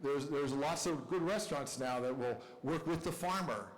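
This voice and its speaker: A man's voice: fairly high pitch, moderate pace, poor audio. An older man giving a university lecture in a chatty, joking way, often asking the audience questions. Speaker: visiting professor lecturing.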